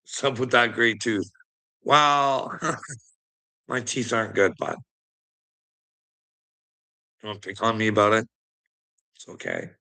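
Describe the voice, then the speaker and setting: A man's voice: fairly low pitch, expressive, slow, creaky, long pauses, pushed and bright. A man ranting to his live chat in a sarcastic, mocking way, swearing heavily and often breaking into laughter. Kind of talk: profane livestream rant to chat.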